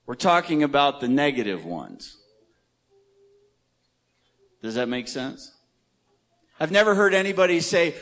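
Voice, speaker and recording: A man leads a Bible study in a church room, speaking in an unhurried, conversational way. He keeps stopping to ask the group questions and leans on key words for emphasis. The recording is close and dry. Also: fairly high pitch, very animated, a bit bright, dry recording. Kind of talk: interactive church teaching.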